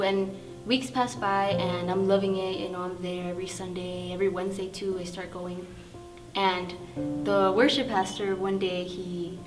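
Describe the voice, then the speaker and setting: A young woman giving a personal testimony at a youth service in a chatty storytelling way, with many fillers and quoted inner thoughts. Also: medium pitch. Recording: guitar music playing underneath.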